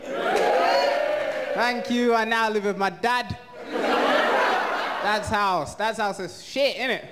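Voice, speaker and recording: A man doing an animated stand-up set, telling stories about his family, on a noisy live stage recording. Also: very high voice, slow, over a noisy crowd. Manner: animated, storytelling. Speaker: stand-up comedian.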